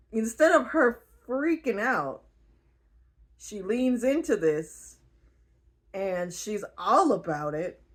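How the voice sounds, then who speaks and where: A woman retelling a book in a casual, rambling way, giggling often and using lots of fillers. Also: mid-range voice. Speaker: book reviewer.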